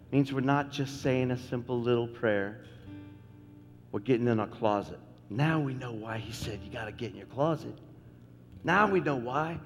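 Folksy middle-aged pastor in a reverberant hall. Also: male voice, medium pitch. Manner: folksy, joking, repeats phrases for emphasis. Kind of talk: sermon.

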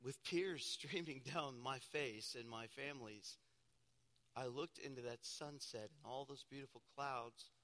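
A middle-aged man preaching a sermon from a church pulpit, swinging from loud exclamations to hushed storytelling, with self-deprecating humor. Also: mid-range voice, measured pace. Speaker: pastor. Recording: long church hall reverb.

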